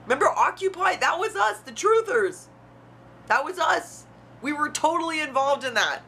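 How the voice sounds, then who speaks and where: Bright-voiced woman ranting bluntly. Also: high voice, expressive, moderate pace. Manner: outspoken, blunt, swears freely; heated, frustrated. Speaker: YouTuber. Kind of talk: emotional vlog rant. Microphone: camera mic.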